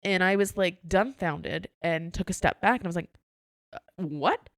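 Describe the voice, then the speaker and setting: Gravelly-voiced woman telling a story. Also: fairly low pitch, moderate pace, no echo, studio quality. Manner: animated storyteller, acts out dialogue, laughs often. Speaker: podcast co-host. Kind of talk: casual storytelling chat.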